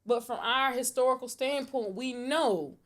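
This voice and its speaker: Animated woman in her thirties chatting. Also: fairly high pitch, unhurried. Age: 30s. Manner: animated, acts out quotes in put-on voices. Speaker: podcast co-host. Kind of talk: casual chat.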